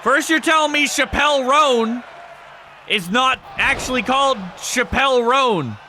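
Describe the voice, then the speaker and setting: A man hosting a livestream, chatting casually with viewers. He jokes, swears often and breaks into sudden shouts. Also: extremely high pitch, measured pace, some chatter behind, a little hiss or hum. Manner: excitable, joking, swears a lot, bursts into shouts. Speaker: streamer host of a wrestling show.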